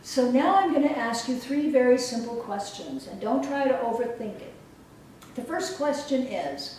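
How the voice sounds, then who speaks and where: A woman coach giving a motivational talk and leading a guided exercise with slow, emphatic, soothing instructions. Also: a little high, lively intonation, a little mellow. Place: event hall. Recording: roomy echo from far off, faint noise.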